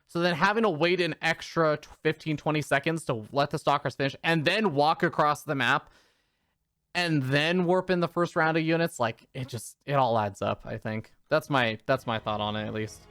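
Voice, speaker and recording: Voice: medium pitch, moderate pace, a bit bright, no room sound, clean studio sound. A caster giving live play-by-play and analysis of a strategy game match, talking through their thinking with frequent hedges. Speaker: esports caster.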